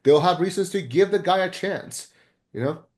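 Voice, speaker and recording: A man co-hosting a podcast, chatting casually and excitably about a film, rambling with frequent restarts and casual swearing. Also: high voice, normal speed. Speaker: podcast co-host. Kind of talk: casual film review chat.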